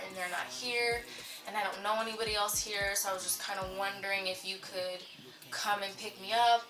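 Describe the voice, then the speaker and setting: A young woman telling a casual storytime to her viewers, chatty and full of filler words. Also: mid-range voice. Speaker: vlogger. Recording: echoey room, mic at a distance, faint music.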